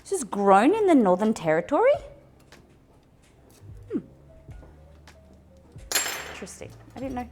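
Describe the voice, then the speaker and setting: Lively Australian woman chatting on stream. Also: on the high side, moderate pace, long pauses, breathy edge, soft background music. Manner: chatty, excitable, talks to chat. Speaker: livestream cooking host. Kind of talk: casual livestream chat.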